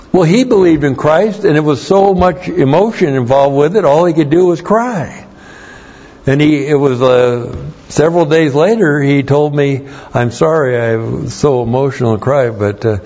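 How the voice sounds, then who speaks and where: A male pastor delivers a sermon in a plain-spoken, conversational manner. His voice is somewhat husky, and the recording sounds dull and lo-fi. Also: mid-range voice, darkish tone. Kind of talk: sermon with anecdotes.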